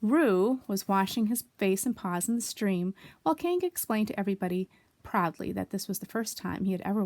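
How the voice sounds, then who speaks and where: A woman reading a children's story aloud, expressive, with asides to young listeners. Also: medium pitch, creaky, no echo. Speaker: storybook reader.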